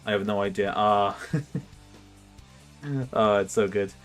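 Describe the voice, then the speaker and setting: A man's voice: fairly low pitch, monotone, slow pace, soft background music. A young man chatting casually on a livestream, rambling and self-mocking, laughing often. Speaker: streamer.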